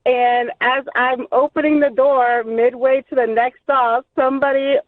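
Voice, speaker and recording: A woman's voice: high voice, little pitch movement, a little slow, no room sound. A woman calling into a radio show, telling an embarrassing story animatedly and laughing through it. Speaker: radio caller. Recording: tinny phone line.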